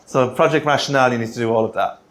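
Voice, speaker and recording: A middle-aged Irish man presenting a workshop in a meeting room, chatty and teasing, ending his points with a quick "right?". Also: mid-range voice, steady tone, fairly bright tone. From Ireland. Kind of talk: joking workshop talk.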